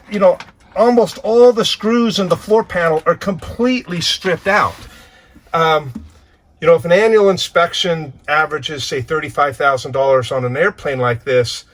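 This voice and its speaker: A man talking earnestly to camera as the owner and pilot of a plane under maintenance, animated and full of restarts. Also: fairly high pitch. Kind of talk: casual walkthrough vlog.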